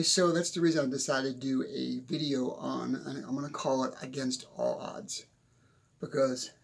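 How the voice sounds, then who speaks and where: An older man with a gravelly, husky voice gives a loose motivational talk from a stuffy little room at home. He rambles, chuckles at himself and drifts into asides while sweating through it. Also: medium pitch. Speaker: motivational speaker. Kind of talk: casual motivational monologue. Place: small home room, windows shut.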